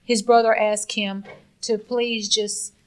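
A woman speaking as a guest in an interview, earnest and emotional, halting and restarting as she talks. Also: medium pitch, little pitch movement, clear, resonant tone. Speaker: guest, mother of the subject.

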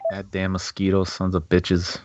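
A man's voice: low-pitched, monotone, moderate pace, a little mellow, no room sound. A man hosting a podcast in casual chat, laughing easily and tripping over words. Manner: laughing, stumbling, easygoing. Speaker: podcast host. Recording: dull dry lo-fi sound.

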